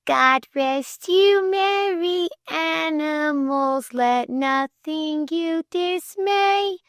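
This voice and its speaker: A bright, clear young soprano voice, pitched high and swinging widely, belonging to an impulsive young woman, as a woman narrator plays her. She talks breathlessly and coyly, full of excitement. The recording is close and dry. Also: takes it slowly, no room sound, full character voice. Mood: singing.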